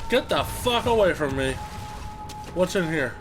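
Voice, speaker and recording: A man doing let's play commentary, excitable, swearing often and chattering to the things in the game. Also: on the high side, unhurried, music in the background. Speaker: gameplay commentator.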